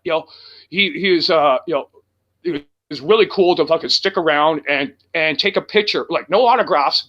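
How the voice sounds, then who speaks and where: A man with a high, bright, forceful voice tells a road story as a guest in casual chat. He rambles, swears freely and fills every pause with "uh" and "you know". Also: dull audio. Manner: rambling and profane, heavy with fillers. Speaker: guest, rock band singer.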